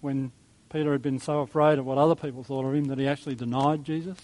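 A man preaching a sermon in a conversational, reflective way, with soft chuckles. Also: medium pitch, steady tone, quick pace, poor audio. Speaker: pastor.

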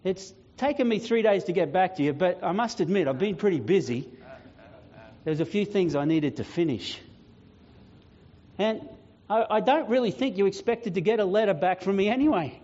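A man voicing a risen divine saviour who defiantly answers Death in a dramatic sermon monologue, proclaiming slowly and solemnly. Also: high-pitched, expressive, pitched above the performer's own voice. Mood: conversational. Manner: slow, solemn proclaiming with long pauses, growing quieter and weightier. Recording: dull lo-fi sound.

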